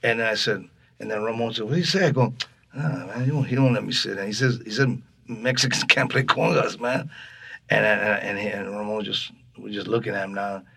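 A man's voice: on the low side, fairly quick, vocal fry, slightly rough. A man from Texas telling stories in an interview, acting out the voices of people in his tale. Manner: animated storyteller acting out voices. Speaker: guest musician. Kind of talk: storytelling interview.

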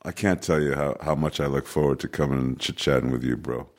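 A man's voice: very deep voice, steady tone, a little fast, darkish tone. A man chatting casually as a podcast guest, rambling with frequent restarts and repeated words. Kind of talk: casual conversation.

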